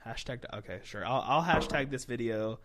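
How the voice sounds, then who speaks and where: A young man hosts a loose, casual podcast chat with his family. He jokes and teases in a sarcastic way and breaks into laughter often. His voice sits at an ordinary middle pitch for a man. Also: brisk, crowd noise. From West Virginia. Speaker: podcast host.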